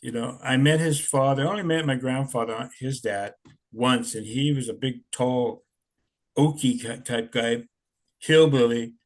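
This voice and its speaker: A man's voice: medium pitch, unhurried. Older man rambling, chuckling storyteller. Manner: rambling, chuckling, many "you know"s. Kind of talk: casual storytelling.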